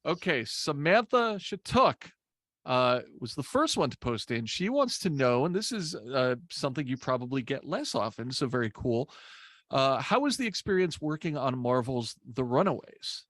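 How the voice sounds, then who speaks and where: A man's voice: mid-range voice, big pitch swings, moderate pace, a bit bright, dry recording, studio quality. A man hosting an interview, upbeat and eager as he reads out questions. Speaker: host.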